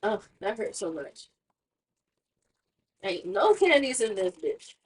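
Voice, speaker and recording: Young woman streamer, chatty and self-mocking, unhurried, voice leaping up and down. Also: medium pitch, big pitch swings, husky. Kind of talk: casual chat while streaming.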